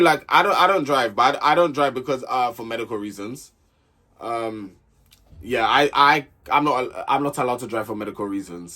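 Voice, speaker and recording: A young man giving an opinionated, animated, casual commentary on a reality show, often repeating himself for emphasis. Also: medium pitch. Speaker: reality show recap host.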